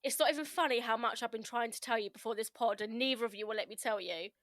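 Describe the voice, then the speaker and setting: A woman from Kent chatting as a podcast guest, animated and cheerfully sweary. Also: fairly high pitch, quick pace, no echo, studio quality. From Kent, England. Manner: animated, swearing, ranting comically. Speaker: podcast guest, content creator. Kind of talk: casual chat.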